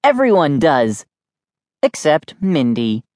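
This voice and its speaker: A man's voice: a little high, huge pitch swings, slow pace, darkish tone, no echo, clean studio sound. A man narrating a children's storybook in the first person, in a playful, jokey kid-like voice. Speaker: audiobook narrator. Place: studio. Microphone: close studio mic.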